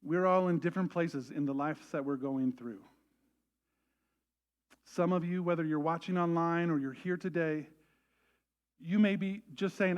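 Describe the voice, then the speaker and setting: A man preaching a sermon as pastor, animated and acting out quoted voices to a congregation. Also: on the high side, unhurried, long pauses. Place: church service.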